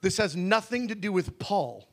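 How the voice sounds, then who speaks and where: A man preaching a sermon, animated, swinging from low asides to shouted emphasis and laughing mid-sentence. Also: normal speed. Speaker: pastor.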